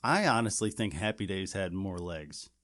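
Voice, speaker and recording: Man, low voice, casual podcast chat, rambling, lots of restarts. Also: animated, moderate pace, fairly bright tone. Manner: rambling, many restarts and "you know". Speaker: podcast co-host.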